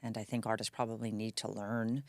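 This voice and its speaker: A woman co-hosting a casual podcast, playful and gushing, with a gravelly edge to her voice. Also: rumbling low, little pitch movement, brisk, a little mellow, no echo, studio quality. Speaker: podcast co-host.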